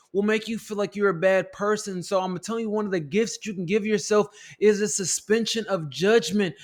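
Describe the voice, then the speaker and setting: A man with a notably high speaking voice delivers a motivational self-help talk straight to his viewers. He preaches in a repetitive, rallying way and keeps coming back to the same catchphrases. At times he climbs higher and louder, close to shouting. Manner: preachy, repeats "family" and "look", builds to shouting climaxes. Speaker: motivational teacher.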